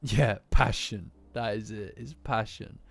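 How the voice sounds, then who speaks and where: A man's voice: fairly low pitch, unhurried, gravelly, husky. A tired young man who chats casually on a livestream, rambling and apologizing for it. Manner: rambling, apologetic, self-deprecating. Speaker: streamer. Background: faint lofi music.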